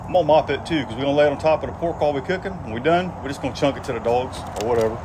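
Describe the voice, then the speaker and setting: Man in his fifties, backyard cook-show host, folksy and joking, mid-pitched, faint outdoor noise behind. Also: very fast. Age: 50s. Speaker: host of a barbecue cooking video. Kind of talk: casual cooking vlog. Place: outdoors at a grill.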